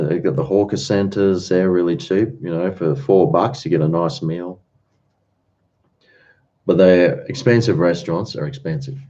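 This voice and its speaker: A man with a low, mellow voice chats loosely with his livestream audience and reads their comments aloud. His talk wanders from topic to topic. The audio is dull and lo-fi. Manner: chatty, rambling, answers chat comments. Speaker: livestream host. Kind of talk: casual chat with viewers.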